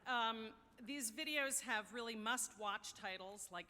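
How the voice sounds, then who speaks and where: American woman, university official, podium speech, bright voice, long hall reverb. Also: fairly high pitch. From United States. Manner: wry, anecdotal, measured. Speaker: university deputy provost. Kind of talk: ceremonial address. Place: large ceremony hall.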